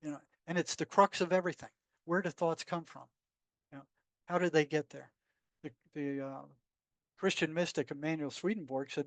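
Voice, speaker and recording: A man's voice: fairly high pitch, fairly even intonation, moderate pace, no echo. A man, a psychotherapist guest, telling stories in a blunt, emphatic way. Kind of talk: conversational storytelling.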